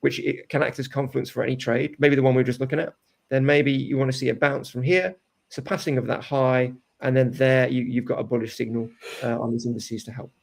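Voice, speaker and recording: A man's voice: medium pitch, steady tone, a little fast, creaky, darkish tone. A man coaching live day trading, talking through charts step by step and often checking in with "right?". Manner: explains steps, ends points with "right?". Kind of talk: live market analysis chat.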